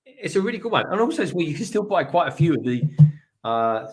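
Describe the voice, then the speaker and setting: A man's voice: on the high side, very animated, quick pace. A British man co-hosting a livestream, chatting casually and hesitating with repeated words. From United Kingdom. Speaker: livestream co-host. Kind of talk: casual chat.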